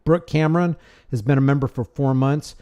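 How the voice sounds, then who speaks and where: Guy on a livestream reading chat, mellow dark voice, rambly, keeps restarting and thanking folks. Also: medium pitch, a little fast. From United States. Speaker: livestream host. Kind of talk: casual livestream chat reading super chats.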